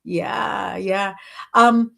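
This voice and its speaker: An unhurried woman with a mid-range voice chats through a live stream, reading out viewers' comments and offering intuitive readings. Her talk is loose and encouraging, sprinkled with "sort of" and "you know". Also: medium pitch, fairly even intonation, vocal fry, fairly bright tone.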